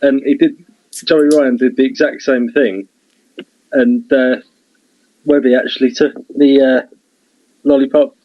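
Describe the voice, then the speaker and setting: A man co-hosting a radio show, chipping in with a halting anecdote in casual chat. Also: mid-range voice, fairly even intonation, dry recording. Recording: dry, dull lo-fi sound.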